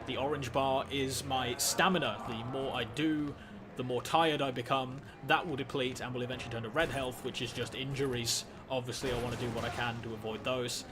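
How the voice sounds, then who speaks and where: A man's voice: medium pitch, fairly even intonation, fairly quick, music in the background. Dry, stammering man narrating a game. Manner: dry, wry, stammering with many restarts. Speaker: gaming video host. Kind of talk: let's play commentary.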